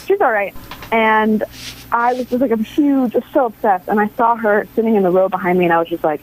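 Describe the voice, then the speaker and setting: A woman's voice: on the high side, a little fast, low-quality recording. A woman in her thirties from New York City, an actress chatting as a radio interview guest, laughing often and restarting her sentences. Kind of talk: casual interview chat.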